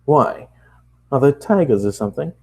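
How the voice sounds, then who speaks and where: A man doing a cheery, high-voiced desk clerk. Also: expressive, normal speed, vocal fry, darkish tone. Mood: cheerful. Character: friendly male apartment desk clerk.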